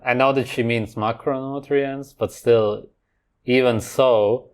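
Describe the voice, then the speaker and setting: A man's voice: mid-range voice, steady tone, slow, smooth. A man hosting a reaction video, talking over clips with scornful, sarcastic commentary.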